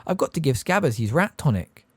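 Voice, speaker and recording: A man voicing an excitable teenage boy who shouts when upset. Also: medium pitch, a little fast, breathy edge, no echo, voice pushed up. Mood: frantic. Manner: loud, yelling.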